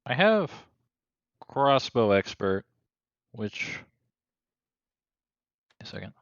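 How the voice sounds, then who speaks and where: A man's voice: medium pitch, sing-song, drawn-out words, gravelly, no echo, dull audio. A man playing a rogue in a tabletop game, checking the rules aloud and muttering while he reads. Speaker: player, rogue. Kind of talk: casual game table chat.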